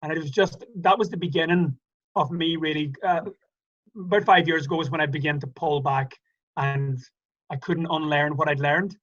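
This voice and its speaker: An Irish man tells stories in a loose, chatty way, stopping and restarting his sentences as he goes. His voice is bright and a little high. The audio is muffled and lo-fi, like a remote call. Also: steady tone, moderate pace. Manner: chatty, hesitant storyteller with many restarts. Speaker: guest. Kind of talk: casual conversational interview.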